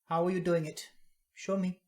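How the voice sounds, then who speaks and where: A man voicing an elderly woman who hands out bread to street children, speaking gently and slowly in a raised voice, turning stern when she scolds. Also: high voice, level tone, voice pushed up, natural voice. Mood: gentle. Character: kindly old woman who feeds street children, firm and caring.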